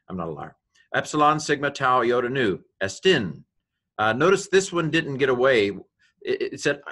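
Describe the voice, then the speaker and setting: A middle-aged man gives a recorded Greek lesson in a bright, ringing voice. He names the letters one at a time and parses each word. He adds dry, self-mocking asides along the way. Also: mid-range voice. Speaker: Greek teacher.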